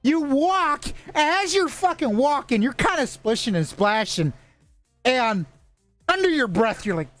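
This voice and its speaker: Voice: high-pitched, sing-song, measured pace, fairly bright tone, soft background music. A game master narrating a tabletop role-playing game, rambling with frequent restarts and heavy swearing.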